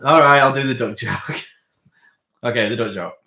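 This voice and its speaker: A man's voice: mid-range voice, normal speed, sharp tone. A man co-hosting a live stream, laughing often and acting out the voices as he tells a long joke. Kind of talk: casual chat, telling jokes. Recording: echoey room.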